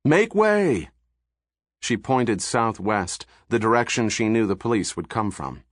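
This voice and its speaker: A man reading a thriller audiobook in steady, measured narration, recorded on a studio microphone. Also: lowish voice, no echo.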